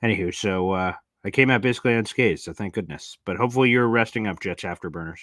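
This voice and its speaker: A young adult man hosting a casual live-stream chat, reading viewer comments aloud and rambling into animated stories. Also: on the low side, quick pace, no room sound, clean studio sound. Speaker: live show host.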